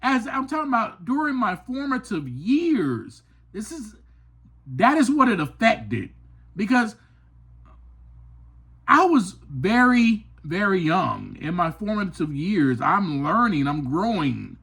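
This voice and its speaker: An earnest man talks slowly through a personal story on his podcast, his voice swooping widely from high, passionate peaks to low, quiet asides. He is emphatic and open. He takes his time over each thought. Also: big pitch swings, vocal fry, slightly rough. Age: adult. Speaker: podcast host. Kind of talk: personal reflective monologue.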